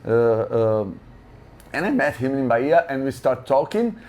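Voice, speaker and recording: A man from Brazil with a Brazilian Portuguese accent, a guest telling a story in halting English as he searches for words. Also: mid-range voice, big pitch swings, a little mellow. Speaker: interview guest. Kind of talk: casual storytelling.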